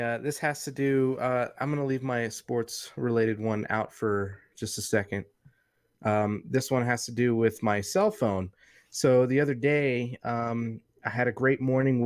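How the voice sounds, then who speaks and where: A man in his thirties tells a long, rambling, profane story as a podcast co-host. His voice sits at an ordinary middle pitch. It is recorded close to the mic with a dry, dead sound. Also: fairly even intonation, moderate pace, no echo. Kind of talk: casual chat.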